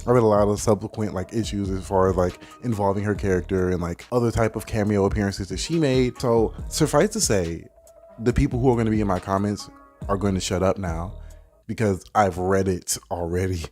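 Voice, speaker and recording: A man's voice: lowish voice, darkish tone, soft background music. Young man ranting heatedly. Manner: heated, dismissive, fast-talking, heavy on filler "like" and swearing. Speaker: video commentator. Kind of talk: casual ranting commentary.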